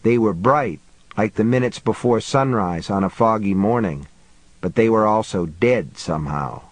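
A man narrating an audiobook in a measured, steady storytelling manner. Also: fairly low pitch, dry recording, poor audio. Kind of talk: scripted narration.

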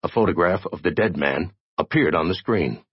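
A man narrating an audiobook with expressive, steady storytelling. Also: deep voice, normal speed, breathy edge, dry recording, muffled recording.

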